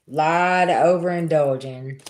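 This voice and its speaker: A woman's voice: sits low, measured pace, darkish tone. A woman hosts a spiritual reading livestream. She talks straight to her chat in a loose, colloquial way and drifts into long personal stories. It sounds like an informal home stream on a webcam or phone mic. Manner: chatty storyteller, talks back to chat, colloquial. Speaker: tarot reader livestream host.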